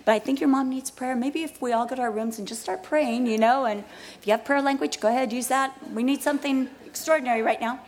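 A woman voicing her husband in her story, speaking quickly and mildly to reassure the kids. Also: high-pitched, close to an everyday voice. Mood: reassuring. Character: calm, bewildered husband soothing his kids.

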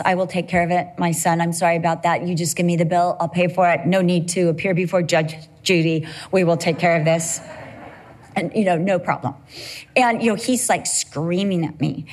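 A middle-aged woman preaching a sermon at church, telling personal stories in an animated, humorous way. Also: lowish voice.

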